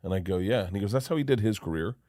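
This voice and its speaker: Low-voiced rambling man. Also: lively intonation, racing, warm tone, no echo, studio quality. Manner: rambling, self-deprecating storytelling with many restarts. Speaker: comedian guest. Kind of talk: casual podcast chat.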